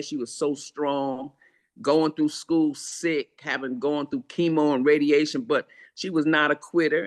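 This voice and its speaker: Casting: older woman, memoir author guest, earnest, repetitive, preacherly rhythm. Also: sits low. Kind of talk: heartfelt interview answers.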